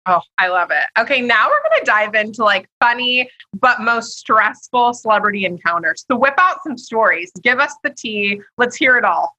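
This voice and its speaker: A woman's voice: on the high side, sing-song, moderate pace, few pauses, bright, forceful tone, poor audio. A young woman hosting a podcast interview, enthusiastic and gushing in her reactions. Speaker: podcast host. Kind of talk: casual interview.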